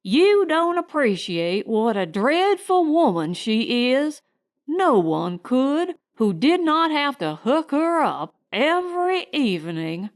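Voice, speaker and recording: Woman reading as a Southern housemaid, soft drawl, slow and defiant, lively voice. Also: high-pitched, pitched above the performer's own voice, heavily acted. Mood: complaining. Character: young female housemaid, defiant, outspoken.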